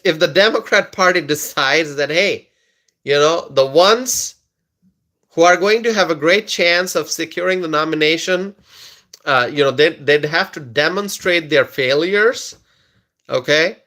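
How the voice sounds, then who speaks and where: A man's voice: on the high side, lively intonation, slow pace, long pauses, pushed and bright. Chuckling man hosting a live stream. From United States. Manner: laughs often, repeats words, reads chat aloud. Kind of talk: casual political live stream commentary.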